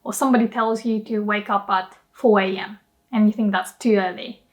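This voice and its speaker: A woman's voice: mid-range voice, steady tone, brisk. A young woman teaching a casual video lesson, playful and laughing often as she explains, now and then acting out emotional example lines. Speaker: language teacher.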